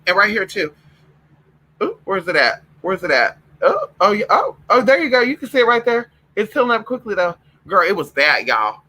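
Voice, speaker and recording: A man's voice: fairly high pitch, bright, forceful tone, poor audio. A man talking straight to his viewers, telling stories in a sassy, profane way and calling them girl and y'all. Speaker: vlogger. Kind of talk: casual storytelling to viewers.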